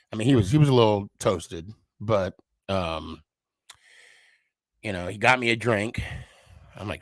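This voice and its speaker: A man's voice: lowish voice, moderate pace, pauses often, dry recording. A man hosting a podcast, telling a casual, rambling and profane story as a frustrated sports fan who pokes fun at himself. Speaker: podcast host.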